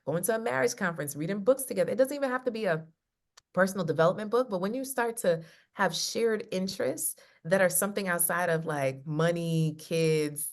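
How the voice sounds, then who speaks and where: A woman's voice: on the low side, brisk. A woman love coach talking casually over a video call, acting out quotes as she tells stories. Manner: animated storyteller acting out quotes. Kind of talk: casual chat.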